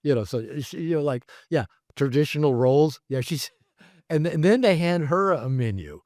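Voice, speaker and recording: A man, a therapist and author, telling stories in a casual interview, rambling and animated with many fillers. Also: on the high side, moderate pace, dry recording, studio quality. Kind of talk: casual conversational storytelling. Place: his home.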